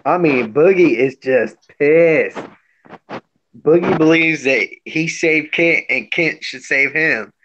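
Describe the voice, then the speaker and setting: A man's voice: on the high side, takes it slowly, fairly bright tone, muffled recording, a little hiss or hum. A man co-hosting a casual podcast recap, speaking bluntly. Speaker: podcast co-host. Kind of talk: casual reality-show recap chat.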